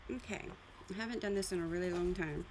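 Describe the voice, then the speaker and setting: A woman's voice: fairly low pitch, quick pace, background noise. A woman hosting a casual live art stream, chatting loosely and explaining her drawing pencils as she goes. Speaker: art livestream host. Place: art studio.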